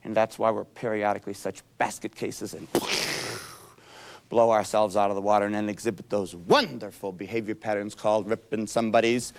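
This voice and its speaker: A man's voice: on the low side, fairly even intonation, a little fast, creaky. A man giving a self-help seminar lecture in a folksy, playful storytelling manner. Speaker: seminar speaker.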